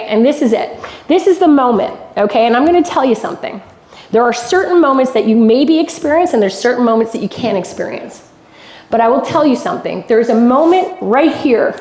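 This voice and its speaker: Mujer canadiense de voz aguda, dando un discurso emotivo en una sala con eco. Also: female voice, on the high side, a little mellow, reverberant. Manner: emphatic storytelling, repeats lines for effect. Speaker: keynote speaker. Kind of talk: motivational speech. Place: golf club event hall.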